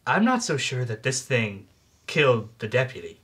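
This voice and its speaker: A man with a bright, forceful tone plays a tabletop game. He reasons through ideas earnestly and at moderate pitch. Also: very animated, normal speed. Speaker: player. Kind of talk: casual tabletop game play.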